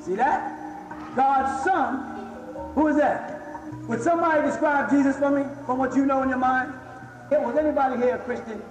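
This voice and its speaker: A man lecturing an audience on religion, emphatic and constantly checking that the listeners follow him. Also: very high-pitched. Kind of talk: live lecture with audience questions. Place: large hall before an audience. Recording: echoey hall, faint music.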